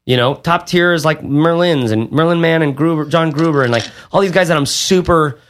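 A man co-hosts a podcast during its casual chat and outro, rambling with plenty of fillers and restarts. His voice is fairly high and bright, a little fast, with a bit of hiss or hum in the recording.

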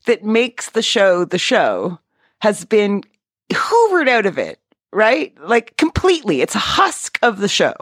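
A woman's voice: mid-range voice, huge pitch swings, a little slow, breathy edge, dry recording. A woman co-hosting a podcast in casual banter, laughing often and teasing her co-hosts. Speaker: podcast co-host.

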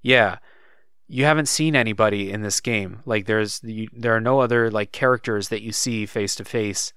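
A man talks casually about a story game he played, looping back with fillers as he thinks. His voice is smooth and resonant. The sound is dry and close, with no room around it. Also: fairly low pitch, moderate pace, no echo. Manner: relaxed, thinks aloud with many fillers. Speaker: podcast co-host. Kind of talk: casual chat.

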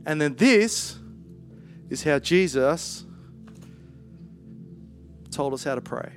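A man preaching in a relaxed, conversational way, full of playful asides. His voice sits high for a man, and soft music plays faintly underneath. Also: slow, pauses often. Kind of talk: sermon.

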